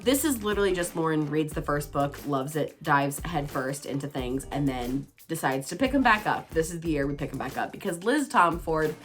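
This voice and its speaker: A woman vlogging about books in an excitable, chatty way, teasing herself as she goes. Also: on the low side. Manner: bubbly, excitable, self-teasing. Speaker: book vlogger. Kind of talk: casual chatty book talk.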